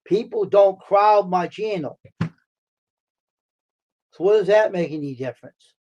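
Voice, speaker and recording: A man hosting a casual live stream from the United States, answering his chat by name, repeating himself, worked up at times and then calming his viewers down. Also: high-pitched, lo-fi sound. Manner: talks back to chat, repeats himself, heated then soothing.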